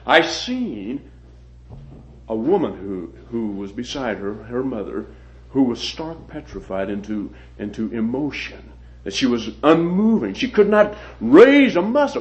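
A man preaching a sermon and telling a personal story, halting and often repeating his words. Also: fairly high pitch. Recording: dull lo-fi recording.

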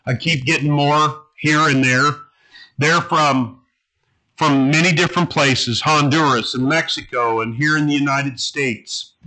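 A man preaching a sermon to his congregation, earnest and halting, with restarts. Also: fairly high pitch, fairly even intonation, pushed and bright, rough recording. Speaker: pastor.

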